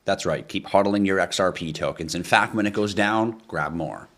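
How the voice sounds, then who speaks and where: Man, low voice, blunt ranting livestream host reading chat. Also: moderate pace, a bit bright. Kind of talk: live crypto stream chat.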